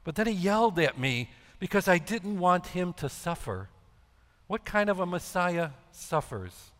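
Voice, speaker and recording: A man acting out a guilt-ridden middle-aged apostle in a stage monologue, with a high, tense voice. He talks slowly, with agitated, halting questions and much self-reproach. A long reverb from a big hall hangs on every word. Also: big pitch swings, a bit bright, full character voice. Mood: regretful. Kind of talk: dramatic monologue.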